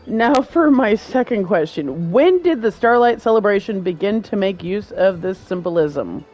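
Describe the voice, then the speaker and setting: A woman's voice: mid-range voice, expressive, normal speed, a little mellow, dull audio, soft background music, close to an everyday voice. A woman reading the lines of a formal, lecturing male folklore professor from a game, quizzing and stumbling over long words. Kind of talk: reading game dialogue aloud.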